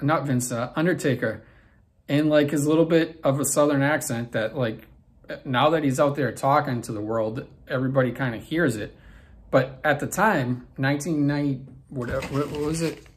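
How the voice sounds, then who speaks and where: A man in his forties hosting his own vlog, telling a backstage story in a rambling way with many fillers and restarts. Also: mid-range voice. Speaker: vlog host. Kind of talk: casual storytelling.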